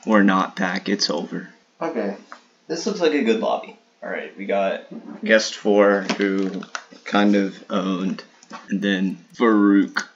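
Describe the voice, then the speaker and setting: Gravelly low-voiced man streaming a game. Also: slow pace, dull audio, slight background noise. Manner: swearing, trash-talking opponents, sudden excited outbursts. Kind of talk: casual live gameplay commentary.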